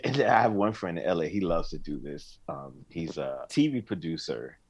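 A middle-aged songwriter and singer tells stories in a casual interview, animated and emotional and laughing often. His voice sits low at a moderate pace, with a little hiss or hum in the recording.

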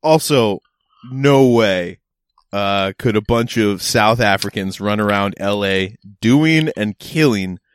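A man's voice: on the low side, slow pace, clean tone, no room sound, studio quality. A man in casual podcast chat, rambling and swearing, with many restarts.

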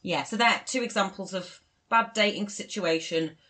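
A young woman, telling a dating story in a casual podcast chat, self-deprecating and animated. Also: mid-range voice, moderate pace. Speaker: podcast co-host.

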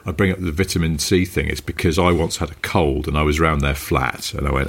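A man's voice: a bass voice, brisk, husky. A man co-hosting a podcast, telling anecdotes in casual chat. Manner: anecdotal, lively storyteller. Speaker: podcast co-host.

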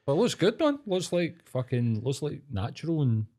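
Co-hosting a podcast, this young Scottish man talks in a relaxed way and curses freely. His voice is on the high side and sing-song, with a dark tone and normal speed.

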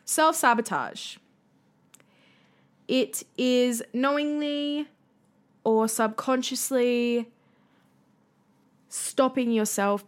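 A young adult woman hosting a solo podcast, earnest and encouraging, with frequent fillers. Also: on the high side. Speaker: podcast host.

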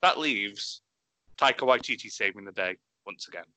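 Excitable man, bright forceful voice. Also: lowish voice, normal speed, dry recording. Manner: excitable, swearing, animated. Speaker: podcast co-host. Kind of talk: enthusiastic casual chat.

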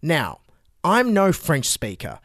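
A man delivers satirical political commentary as a comedy news host, sarcastic and mocking throughout. His pitch sits a touch high and swoops around lively. The recording is dry and close. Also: slow, no echo.

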